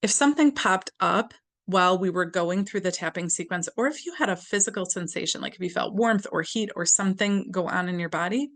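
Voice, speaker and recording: A woman guides a tapping exercise, speaking softly and slowly and repeating phrases for the listener to follow. Her voice is on the low side.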